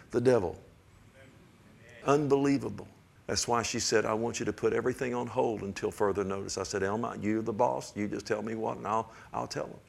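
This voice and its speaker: This older preacher's sermon wanders in a homespun way, punctuated by repeated calls of "amen?" to the congregation. He moves from quiet to loud and emphatic, speaking at medium pitch with vocal fry.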